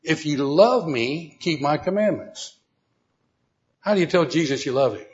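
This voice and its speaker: Male preacher teaching a Bible class, emphatic and questioning, slightly high voice, muffled lo-fi recording. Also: lively intonation, measured pace. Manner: emphatic, rising to loud repeated exhortation; asks the audience questions directly. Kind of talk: Bible lesson. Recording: dull lo-fi recording.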